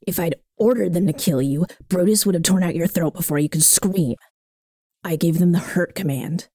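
A hostile young dog handler, acted by a woman, in an audio drama. Her voice is low and dark and she speaks gruffly. The sound is dry. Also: normal speed, no room sound. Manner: gruff, snarling.

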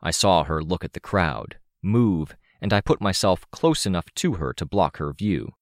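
Low voiced guy reading a story aloud, lively ups and downs, super dry mic. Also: normal speed, dry recording. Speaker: audiobook narrator. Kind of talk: first-person audiobook narration.

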